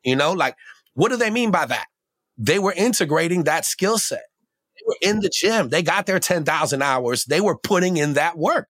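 A man talking as a podcast guest in casual conversation, animated and slangy, often laughing and acting out his own voice. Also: fairly high pitch, moderate pace, no echo, clean studio sound.

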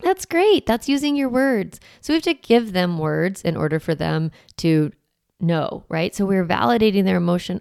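A woman parenting coach hosting a podcast, talking earnestly and gently and explaining with everyday examples. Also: mid-range voice, expressive, moderate pace, creaky, clear, resonant tone, dry recording, clean studio sound. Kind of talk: conversational advice podcast.

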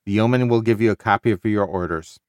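A man's voice: lowish voice, quick pace, a little mellow, no room sound, clean studio sound, natural voice. A man reading the lines of a stern female naval admiral from a novel, in a plain reading voice. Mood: brisk. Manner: read aloud plainly.

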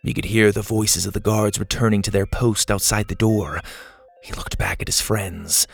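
A male storyteller reads a children's space adventure in a low, calm voice. He narrates gently and expressively over faint background music. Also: normal speed, gravelly, husky.

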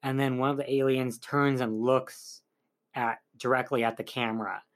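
A man's voice: mid-range voice, fairly even intonation, normal speed. A man casually recapping a film's plot as a reviewer, rambling with lots of fillers. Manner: chatty, rambling, full of "like" and "um". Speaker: film reviewer.

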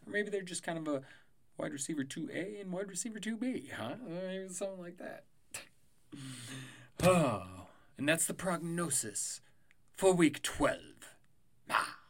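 A young adult man hosts a casual sports prediction podcast, rambling loosely and chattily with plenty of swearing. His voice sits high and is expressive, creaky and somewhat bright, moving at a normal speed.

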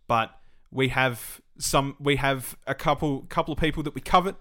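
Animated, foul-mouthed man. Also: medium pitch, moderate pace. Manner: animated, swears freely, breaks into mock voices. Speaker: podcast co-host. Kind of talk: casual gaming podcast chat.

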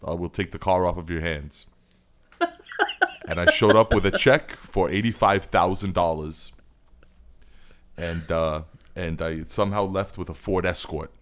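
A man's voice: low-pitched, a bit bright. A man doing a comic impression of a pompous, self-pitying older senator, speaking in an earnest, mock-serious way. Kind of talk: comedic impression.

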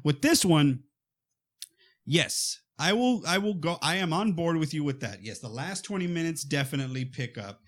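A man chatting casually about a horror comedy, retelling scenes with lively acted-out quotes and frequent fillers. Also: a little high, normal speed. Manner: animated storytelling, acts out quotes. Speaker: podcast co-host. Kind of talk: casual movie chat.

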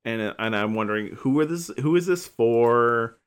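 A man's voice: mid-range voice, expressive, moderate pace, smooth. A man co-hosting a podcast, chatting casually with a joking, rambling manner. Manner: joking, rambling, self-interrupting. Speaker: podcast co-host.

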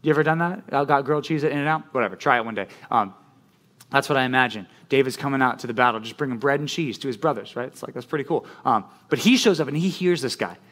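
A man preaching a casual youth sermon, telling the story in a chatty, animated way with lots of fillers. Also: medium pitch, quick pace. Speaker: youth pastor.

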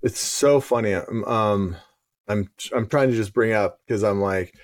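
A man's voice: lowish voice, a little slow, no echo, studio quality. A man hosting a podcast, retelling a story in a rambling way, with fillers and restarts. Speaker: podcast host. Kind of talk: casual podcast conversation.

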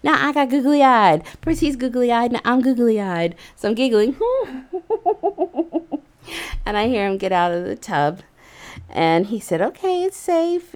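A woman recounts a personal story in a relaxed, chatty way. She giggles often and keeps dropping fillers like "like" and "you know". Her pitch sits right in the middle. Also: smooth. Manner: animated, giggly, with frequent fillers like "like".

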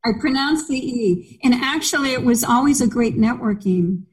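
A woman's voice: a little high, normal speed, a little mellow, slightly rough, low-quality recording. An older woman talking as a podcast guest on a video call, chatty and playful, poking fun at herself. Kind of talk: casual video-call interview.

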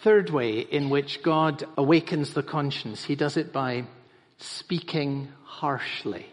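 A man's voice: fairly high pitch, slow pace. A man preaching a sermon as pastor, emphatic and repeating phrases for stress. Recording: reverberant hall.

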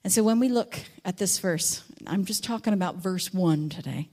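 A Bible teacher with a fairly low-pitched voice gives a teaching talk on a psalm. She tells stories with animation, acting out quotes and sheep in sudden loud voices, then slows and softens reflectively on key verses.

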